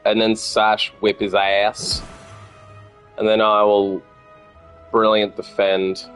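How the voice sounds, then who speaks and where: A man's voice: lowish voice, level tone, takes it slowly, fairly bright tone. Brief: Australian man in his thirties, swearing casual game streamer, faint music behind. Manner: thinks aloud, swears freely, chats with viewers. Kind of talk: casual gameplay commentary.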